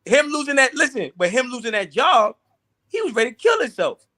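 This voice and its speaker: A man's voice: very high-pitched, sing-song, bright, forceful tone. A man telling a personal story in casual, profane talk, often repeating himself. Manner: profane, halting, repeats words. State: teary. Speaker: guest.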